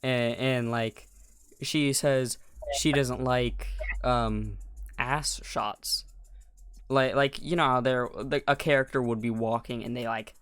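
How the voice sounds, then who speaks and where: This young man co-hosting a podcast speaks slowly in a smooth, medium-pitched voice, though it keeps cracking. He chats casually and rambles, starting over and using slang, and becomes animated when incredulous.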